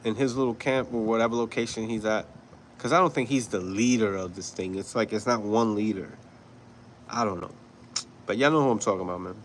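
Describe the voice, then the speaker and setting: Chatting with his viewers, this New York livestream host swears, laughs and rambles through casual commentary. He has a mid-range, fairly bright voice, and a bit of hiss or hum runs through the low-quality audio.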